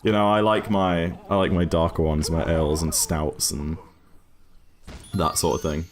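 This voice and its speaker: A man's voice: deep voice, flat delivery, normal speed. A man from Newcastle with a mixed northern and southern English accent, chatting casually on a stream in a rambling way. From Newcastle, England. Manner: rambling, chatty, frequent restarts and fillers. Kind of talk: casual chat while gaming.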